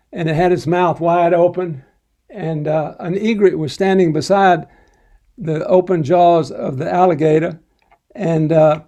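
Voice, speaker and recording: Older male spiritual teacher, slightly high and mellow, telling personal stories gently. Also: muffled recording. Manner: gentle, unhurried storytelling with soft chuckles. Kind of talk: recounting personal devotional stories.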